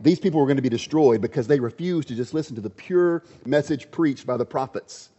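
A man delivers an emphatic sermon from a church pulpit, his voice sitting a little high with a mellow, soft-edged tone. The sanctuary rings with a long reverb, and the recording sounds dull and muffled. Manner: emphatic, varies loudness, drops to quiet asides. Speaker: preacher.

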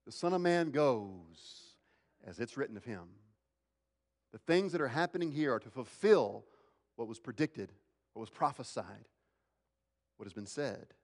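A male pastor preaching a sermon, swinging between emphatic, raised lines and hushed, slow ones. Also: medium pitch, lively intonation, big-room sound.

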